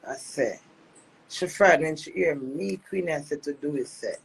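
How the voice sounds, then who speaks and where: Gravelly-voiced Jamaican woman venting. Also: sits low, moderate pace, slight background noise. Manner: emphatic, repetitive, switching between patois and English. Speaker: dancehall personality airing a marital dispute. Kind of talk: heated venting monologue.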